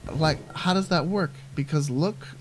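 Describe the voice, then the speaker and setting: A man's voice: on the high side, measured pace. A man giving casual gameplay commentary, rambling and thinking aloud with lots of fillers. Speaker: let's play host.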